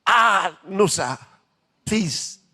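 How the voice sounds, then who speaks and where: A man preaching and voicing Moses as a desperate leader begging God, high and loud. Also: lively intonation, extremely slow, exaggerated voice. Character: pleading aging male Moses, desperate.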